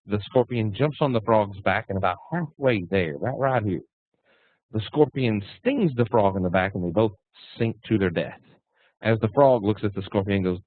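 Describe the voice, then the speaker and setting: A man's voice: on the low side, moderate pace, no room sound. A man teaching trading in a casual webinar, folksy and blunt with punchy phrasing. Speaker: trading instructor. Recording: tinny phone-like dry line.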